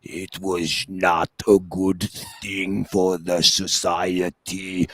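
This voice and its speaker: A man putting on an impression of an aged statesman, speaking in a ponderous, halting way. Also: low-pitched, level tone, fairly bright tone, no room sound, voice pushed down, full character voice. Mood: solemn. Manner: ponderous, deliberate, halting delivery. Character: impression of an aged male statesman, grave and slow.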